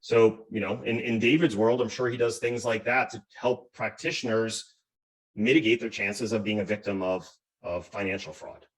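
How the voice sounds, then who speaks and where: A man's voice: lowish voice, steady tone, normal speed, recorded from a distance, rough recording. A man presenting as a cybersecurity expert on a video call, explaining step by step and often asking "right?". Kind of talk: webinar presentation.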